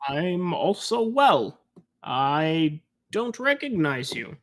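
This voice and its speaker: Brief: gruff dwarf barkeep, wary and unhurried, put on by a man running the game. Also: a little high, sing-song. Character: gruff male dwarf bartender.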